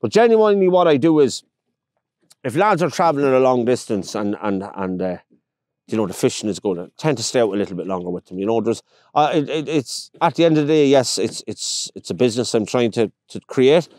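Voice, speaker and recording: Irish man, fishing guide, chatty storyteller who plays out quotes; mid pitch, dry sound, outdoors on a boat. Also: lively intonation, a little fast, darkish tone, no room sound. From Ireland, County Longford. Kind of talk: casual interview chat.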